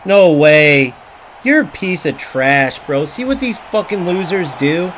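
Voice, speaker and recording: A man's voice: high voice, big pitch swings, unhurried, fairly bright tone, slight background noise. A man streaming a football video game, frustrated and trash-talking his opponents with plenty of swearing. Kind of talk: live gameplay commentary.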